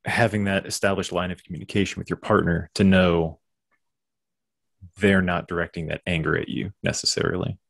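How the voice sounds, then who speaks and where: A man appearing as a podcast guest, speaking calmly and explaining his thoughts carefully. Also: low voice, fairly quick, vocal fry. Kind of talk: casual conversation.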